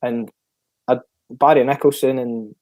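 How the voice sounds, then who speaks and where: A Scottish man, a former footballer, telling a story in a relaxed chat and acting out the dialogue he retells. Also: medium pitch, measured pace, dry recording. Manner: lively storyteller who acts out the dialogue he retells. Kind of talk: casual storytelling.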